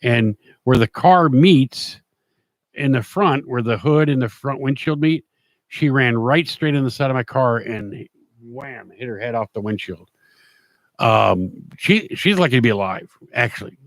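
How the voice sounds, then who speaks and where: A man's voice: medium pitch, expressive, normal speed, dry recording. A middle-aged man hosting his own show, telling a personal story in a rambling, plain-spoken way with many restarts. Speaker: show host. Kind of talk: casual storytelling monologue.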